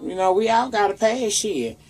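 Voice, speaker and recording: A woman with a Southern US accent runs through the week's celebrity gossip in a casual vlog, calling her viewers y'all and talking loosely with plenty of profanity. Her mid-range voice is animated and a little mellow at a normal speed, with soft music in the background.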